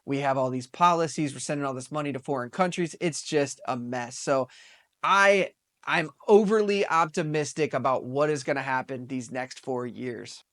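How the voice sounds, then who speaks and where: A man in his thirties hosting a casual opinion talk show, excitable and upbeat, often laughing. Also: mid-range voice, normal speed. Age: 30s. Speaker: podcast host.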